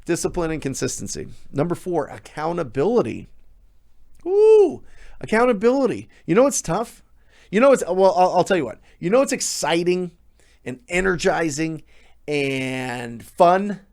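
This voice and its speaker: With a slightly high, gravelly voice at a normal speed, a man delivers a motivational real estate coaching talk, full of energy and emphasis and frequently repeating words for effect.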